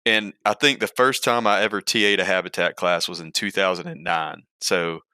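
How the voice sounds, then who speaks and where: A man's voice: deep voice, fairly even intonation, moderate pace, sharp tone, no echo, clean studio sound. A man with a Southern Alabama accent, co-hosting a casual podcast chat and laughing often at himself. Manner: laughs often, self-deprecating. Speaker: podcast co-host.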